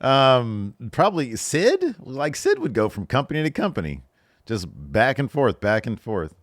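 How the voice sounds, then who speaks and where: A man's voice: mid-range voice, wildly swooping pitch, measured pace, no room sound, clean studio sound. A man in his thirties hosting a podcast, reading viewer questions aloud and answering them in a loose, joking way. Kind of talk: casual solo Q&A chat.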